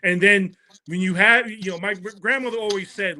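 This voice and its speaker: A high-pitched man with a very bright, cutting tone argues his point on a political talk show. He is impassioned and stumbles over repeated words as he builds momentum, with faint noise and clicks behind him. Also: normal speed, low-quality recording. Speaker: podcast guest.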